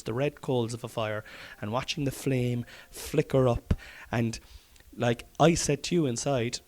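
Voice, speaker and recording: A man's voice: medium pitch, darkish tone. Chatty Irish man by the fire. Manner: chatty, swears often, rambling. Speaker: podcast host, comedian. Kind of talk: casual chat. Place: study by an open fire at home.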